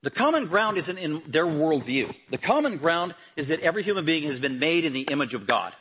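A man delivering a sermon in a somewhat high, husky voice. He explains the passage conversationally, then swells into forceful, emphatic declarations. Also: very animated, brisk, few pauses. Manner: emphatic, building to loud forceful proclamations. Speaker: preacher.

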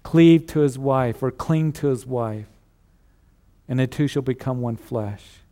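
Male pastor mid-sermon, dark mellow tone, earnest and repetitive, hushed for emphasis. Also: medium pitch, unhurried. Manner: earnest preaching with repeated phrases, drops to a hush on key lines.

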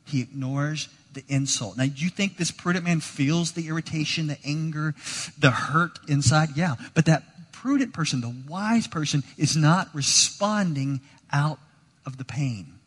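A man preaching a sermon in a casual, conversational way, moving between quiet asides and emphatic points. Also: a little high, a little slow, slightly rough. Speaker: pastor. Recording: long hall reverb.

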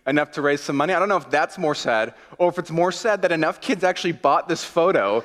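A pastor giving a sermon, telling a self-mocking personal story in a chatty way and leading a short prayer. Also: male voice, fairly high pitch, expressive, quick pace, a bit bright. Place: church sanctuary. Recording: long reverb of a church hall.

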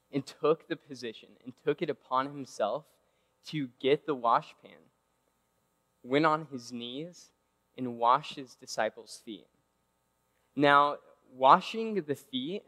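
A man's voice: medium pitch, a bit bright. A man giving a casual, conversational sermon who keeps checking in with his listeners by asking "right?". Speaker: preacher. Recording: long reverb of a large hall.

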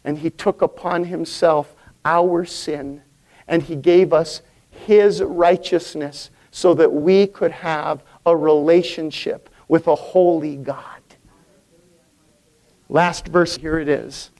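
A man's voice: fairly high pitch, steady tone, slow, a little mellow. A male pastor preaching a sermon, building emphatic crescendos and calling for congregation responses.

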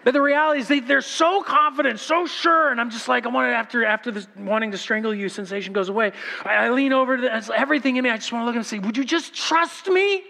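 A pastor preaching to his church, his bright, forceful voice carrying a long echo through the sanctuary. He tells stories with animation and slips into other people's voices as he goes. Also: very high voice, quick pace, gravelly. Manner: animated storytelling, acts out voices. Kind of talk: sermon.

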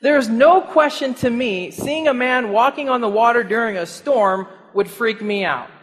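A man's voice: very high-pitched, normal speed, long reverb tail. A man preaching a sermon, asking his listeners questions and chuckling now and then. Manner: animated, rhetorical questions, chuckles often.

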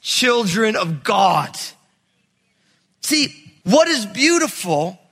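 Bright, high-voiced preaching man. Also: very slow, breathy edge, long reverb tail. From New York area. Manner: animated, conversational preaching with voiced anecdotes. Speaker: pastor. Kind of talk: sermon. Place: church sanctuary.

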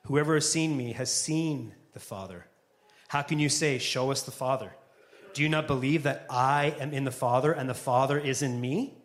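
A man voicing a calm, patient teacher, speaking slowly and solemnly. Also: mid-range voice, pitched below the performer's own voice, lightly acted.

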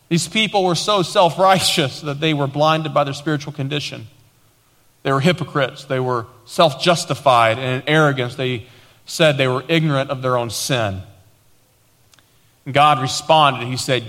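A man preaching as a pastor, quoting scripture with emphatic repetition and sudden swings between raised declarations and quieter teaching. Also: mid-range voice, moderate pace, in a large hall. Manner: preaching with emphatic repetition, dramatic quoted lines. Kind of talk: sermon.

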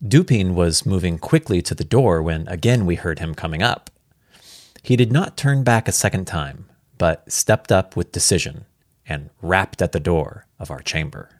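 Man, casual story read-aloud, relaxed, chatty asides, deep voice, dry close sound. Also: moderate pace, dry recording. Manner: relaxed, chatty, comments and laughs at his own slips. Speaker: reader.

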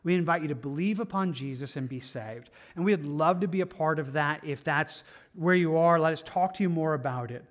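Pastor, male, slightly high voice, lively sermon delivery moving from booming to hushed. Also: a little fast, hardly any pauses. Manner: animated, swings between loud emphatic and soft hushed.

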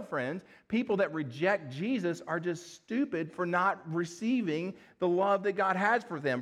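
A man preaching a sermon in a fairly high voice. He reads scripture verses, asks the listeners rhetorical questions and addresses them as friends. His delivery is earnest throughout. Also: fairly bright tone. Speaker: pastor.

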